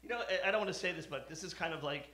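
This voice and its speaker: A man's voice: a little high, very fast, sharp tone. A middle-aged male stand-up comedian doing a live set in a comedy club, brash and profane, bantering with the audience. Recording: echoey club with crowd.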